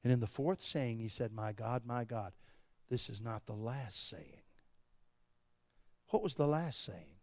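Male preacher, mid pitch, dry close recording; dynamic sermon delivery from hushed to shouting. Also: unhurried, pauses often, dry recording. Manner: wide swings from quiet to shouting. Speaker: pastor.

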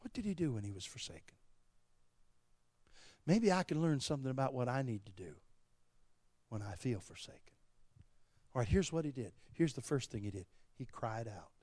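Male preacher, mid pitch, dry close recording; dynamic sermon delivery from hushed to shouting. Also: big pitch swings, normal speed, long pauses, no echo. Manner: wide swings from quiet to shouting. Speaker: pastor.

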